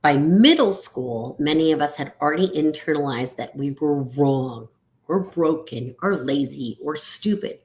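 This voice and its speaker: A middle-aged woman, an ADHD coach, giving a reflective podcast monologue with a sing-song delivery that lifts high and drops to a near whisper. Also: lively intonation, unhurried, a little mellow.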